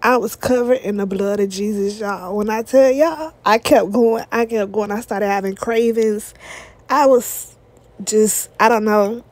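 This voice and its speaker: A woman's voice: medium pitch, measured pace, a little mellow, no echo. A young woman, vlogging an emotional personal testimony with repeated emphasis and talk straight to viewers. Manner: repetitive emphatic phrasing, addresses viewers as y'all.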